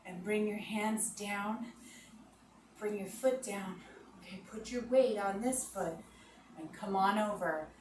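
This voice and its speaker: A woman leading children through guided relaxation and yoga moves, giving slow, soothing instructions and making playful animal noises. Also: medium pitch. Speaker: kids' yoga teacher. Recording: echoey room, voice from a distance, noisy background.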